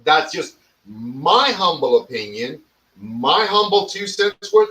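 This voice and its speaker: A man's voice: fairly high pitch, lively intonation, takes it slowly, a bit bright, recorded from a distance, a little hiss or hum, low-quality recording. A man hosting a casual talk show, speaking bluntly and swearing, often repeating words as he starts a point. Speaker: cigar podcast host. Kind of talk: casual opinion chat.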